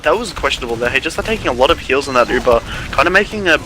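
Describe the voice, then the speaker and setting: A man casting a live online game match, calling the play quickly and chatting with his co-caster. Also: mid-range voice, lively intonation, music in the background, poor audio. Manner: quick, chatty, laughs often. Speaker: esports caster.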